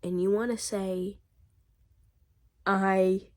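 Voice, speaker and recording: A woman venting in a casual diary vlog, ranting and animated, with lots of "like" and "literally", still getting over being sick. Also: medium pitch, slow, long pauses. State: recovering from illness. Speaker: vlogger.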